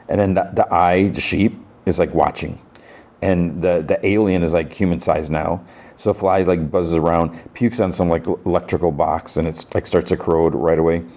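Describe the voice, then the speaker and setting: A podcast host with a deep, darkish voice loosely recaps TV episodes. He rambles, with lots of fillers and restarts.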